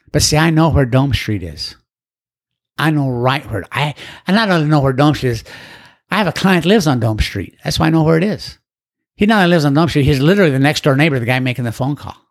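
An older man sharing his recovery story in a folksy, rambling, plain-spoken way. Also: mid-range voice. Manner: acts out other people's voices in quotes. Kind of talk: storytelling talk.

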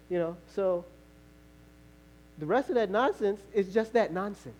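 A male pastor preaching a sermon, telling a story in a conversational way with laughter and sudden shouts. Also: sits high, lively intonation, a little slow, long pauses, slight background noise.

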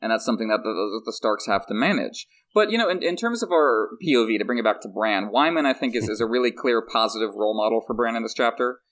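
A man co-hosting a podcast, talking through a book chapter in casual, animated analysis with frequent restarts. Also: fairly low pitch, fast, hardly any pauses. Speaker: podcast co-host.

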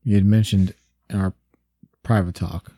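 A man's voice: sits low, fairly even intonation, moderate pace, warm tone, dry recording, studio quality. A man co-hosting a casual faith discussion, friendly and teasing, telling stories with animation. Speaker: podcast co-host.

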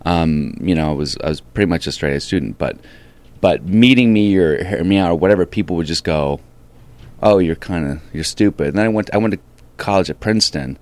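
A man's voice: deep voice, fast, darkish tone. A young man from Northern Virginia, a comedian guest, telling easygoing, self-deprecating stories in a casual interview.

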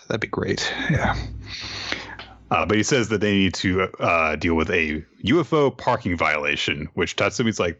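A man casually recapping an anime episode as a podcast co-host, rambling with fillers and quick asides. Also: sits low, animated, bright, forceful tone, dry recording, dull audio. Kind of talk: casual chat.

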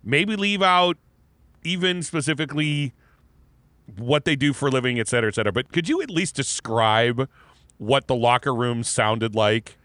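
A man's voice: medium pitch, lively intonation, moderate pace, fairly bright tone, dry recording. A young man co-hosting a podcast in casual chat, eager and stumbling as he pushes for details. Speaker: podcast co-host.

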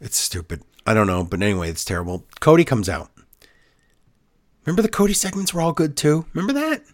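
A man's voice: on the low side, sing-song, fairly quick. A man co-hosting a wrestling podcast, recapping the show in a sarcastic, exasperated way. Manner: sarcastic, exasperated, mocks the booking with put-on quotes. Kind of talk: casual podcast chat.

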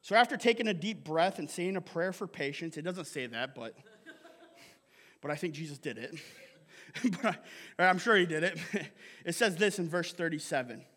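A man's voice: on the high side, expressive, normal speed, pauses often, fairly bright tone. A male pastor preaching a casual, conversational sermon, often checking in with "right?" and laughing between points.

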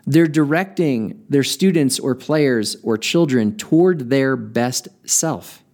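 Man, podcast host, reflective monologue, earnest, medium pitch. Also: darkish tone. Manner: earnest storytelling, slows down to stress points.

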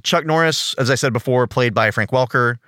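A man's voice: medium pitch, a little fast, fairly bright tone, a little hiss or hum. A man co-hosting a casual podcast, enthusiastic and giggly as he talks through trivia. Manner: enthusiastic, giggly nerdy banter. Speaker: podcast co-host.

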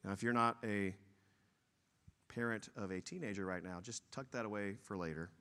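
A man's voice: on the low side, normal speed, fairly bright tone. A man preaching a sermon, telling stories and stressing his points with force. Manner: storytelling, emphatic, says y'all. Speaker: pastor.

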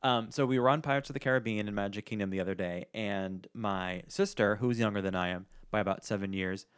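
A man co-hosting a podcast in casual chat, an animated storyteller who acts out the people he quotes. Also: lowish voice, a little fast, smooth, dry recording, clean studio sound. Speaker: podcast co-host.

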